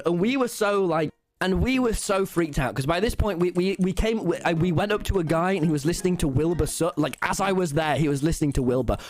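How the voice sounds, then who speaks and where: Excitable teenage boy telling a story. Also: high voice. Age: teens. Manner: excitable, rambling, swears a lot, frequent restarts. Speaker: streamer. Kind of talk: animated storytelling to an audience.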